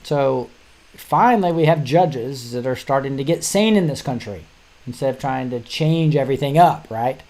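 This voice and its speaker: A middle-aged man hosts his own show and talks casually through a stack of news articles. He rambles and restarts his sentences often, breaking into short chuckles as he goes. His voice sits at an ordinary middle pitch. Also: moderate pace, darkish tone. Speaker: show host.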